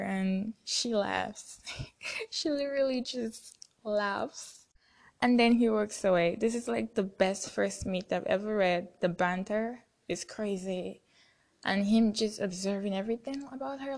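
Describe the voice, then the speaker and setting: A young woman talks through a favorite book in a relaxed podcast chat. She gushes as she goes and keeps dropping into quick quoted lines while she retells the scenes. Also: mid-range voice, gravelly. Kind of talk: casual book review chat.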